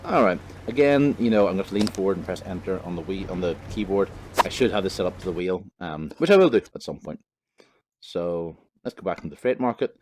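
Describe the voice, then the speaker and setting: Northern Irish guy, low, rambling. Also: lively intonation, fairly quick, background noise. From Northern Ireland. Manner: rambling, filler-heavy, cheerfully profane. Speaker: gaming commentator. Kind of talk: casual let's-play commentary.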